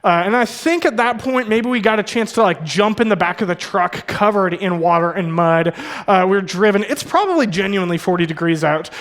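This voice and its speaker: A young male pastor with a notably high voice preaches in a church. He tells his story conversationally, full of fillers and quick self-corrections. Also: animated, fairly bright tone. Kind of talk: sermon with personal storytelling.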